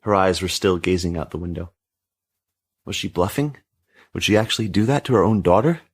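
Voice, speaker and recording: Low, husky-voiced male storyteller. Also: a little fast. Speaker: narrator. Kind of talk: storybook reading.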